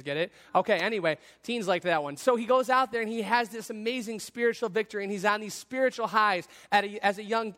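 A man's voice: high voice, fairly bright tone. A man preaching a sermon to young people, earnest and building in intensity as he acts out scripture. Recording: long hall reverb.

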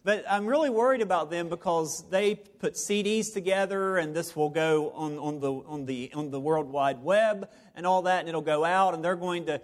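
High-voiced man preaching playfully. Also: normal speed, few pauses. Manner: playful, repetitive, conversational preaching. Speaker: pastor. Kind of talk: sermon. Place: church service before a live congregation.

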